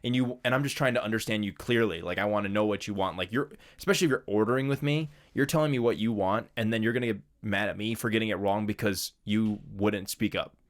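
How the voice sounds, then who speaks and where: Laid-back man with a lowish voice. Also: fast, hardly any pauses. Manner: laid-back storyteller, laughs often, loose filler-heavy phrasing. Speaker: podcast co-host. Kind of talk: casual chat.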